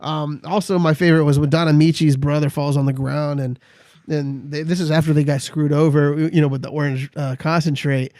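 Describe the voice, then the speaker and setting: Middle-aged male co-host, halting, restart-heavy delivery, high voice. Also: level tone, a little mellow, dry recording, clean studio sound. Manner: halting, many restarts, acts out movie lines. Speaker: podcast co-host. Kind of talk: casual chat about movies.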